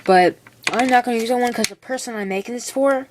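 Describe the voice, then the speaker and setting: A woman's voice: fairly high pitch, fast talker. Young woman, teens, chatty rambling hobbyist demo voice, noisy home recording. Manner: rambling, chatty, full of "like" and "okay". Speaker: hobbyist showing a build. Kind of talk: casual how-to demonstration.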